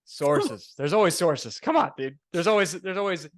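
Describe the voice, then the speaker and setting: A young man co-hosts a relaxed sports podcast, chiming in with quick agreement and bits of banter. His voice is slightly higher than average, recorded close and dry. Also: dry recording. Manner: agreeable, backs up his friend with short replies. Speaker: podcast co-host. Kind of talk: casual sports chat.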